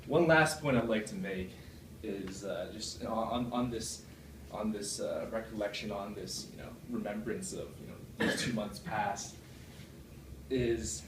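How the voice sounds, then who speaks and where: This prepared club speech wanders, with the man running himself down and filling it with fillers and restarts. He keeps a measured pace and drops into a put-on chest voice. It's captured from far across an echoey meeting room, and background noise is present.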